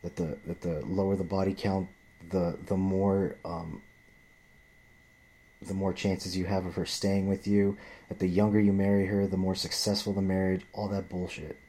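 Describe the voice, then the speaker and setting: A man's voice: low-pitched, flat delivery, normal speed, mellow. A man ranting in a profane, rambling monologue, often restarting and repeating himself.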